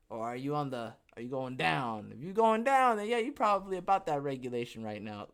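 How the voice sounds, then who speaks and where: A man hosts his own podcast alone, reading a news story aloud in a loose, rambling way. He keeps breaking off into jokes and "okay?" asides, and his voice jumps suddenly in pitch and loudness. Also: big pitch swings, brisk, hardly any pauses. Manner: jokey and rambling, with frequent "okay?" asides and self-interruptions. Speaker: podcast host.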